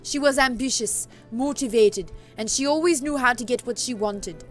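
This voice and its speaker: Lady doing a deep-voiced mysterious witch shopkeeper, theatrical, accent keeps slipping, music faint behind. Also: moderate pace, close to an everyday voice. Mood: admiring. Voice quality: deepened voice, wobbly attempted accent. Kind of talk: reading game dialogue aloud.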